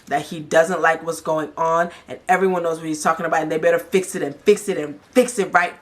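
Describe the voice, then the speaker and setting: A woman hosting a casual reality-show recap, telling it in a chatty, animated and exasperated way. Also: low voice, a little fast. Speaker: host.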